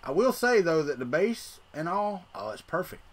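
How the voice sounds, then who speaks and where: A man's voice: high-pitched, big pitch swings, normal speed. A middle-aged man, hosting a casual livestream and rambling to his chat while he tinkers. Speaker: livestream host.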